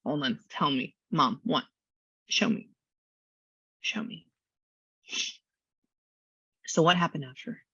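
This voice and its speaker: A woman psychic giving a casual reading, chatty and quick to act out what people say in lively voices. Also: deep voice, gravelly, husky, dry recording. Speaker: psychic medium and astrology reader. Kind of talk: casual one-on-one reading session. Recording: dull lo-fi sound.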